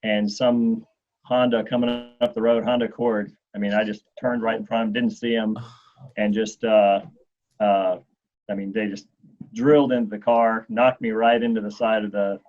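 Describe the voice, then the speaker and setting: A man in his forties, a guest telling a long anecdote in an interview, animated and acting out what others said. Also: lowish voice, normal speed. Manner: animated storyteller, acts out quotes. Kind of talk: storytelling in an interview. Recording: dull lo-fi sound.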